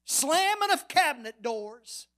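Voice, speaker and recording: The man giving this sermon is a pastor whose very high voice makes big pitch swings as he takes his time. He narrates with large shifts between loud and quiet, finishing phrases in a near whisper to drive them home.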